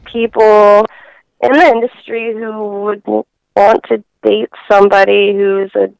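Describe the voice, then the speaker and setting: A woman guest in a casual interview, talking in a halting way with many fillers and restarts over a phone line. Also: mid-range voice, level tone, vocal fry, a little mellow, smooth, no room sound.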